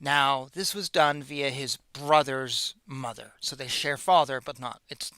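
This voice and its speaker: A man's voice: medium pitch, steady tone, unhurried, sharp tone, clear, resonant tone, no room sound. A man hosting a show, retelling an ancient epic in a casual, slangy, joking way. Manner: slangy, joking, with playful asides. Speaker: host. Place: in America.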